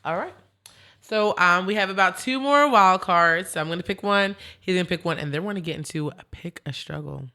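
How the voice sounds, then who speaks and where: A woman hosting a podcast, chatting in an animated, rambling way and laughing easily. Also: on the low side, fairly quick. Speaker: podcast host. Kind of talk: casual chat.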